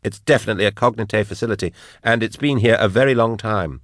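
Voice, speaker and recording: Guy putting on a brisk woman's voice, a bit higher, dry and withering, audiobook. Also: fairly bright tone, no echo, lightly acted. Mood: cool. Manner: withering, matter-of-fact. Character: cold, clever female investigator.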